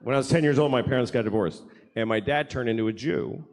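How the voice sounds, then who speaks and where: A man's voice: mid-range voice, quick pace. A man doing a stand-up comedy set, rambling and sardonic, self-deprecating, with frequent restarts. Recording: live hall with audience noise.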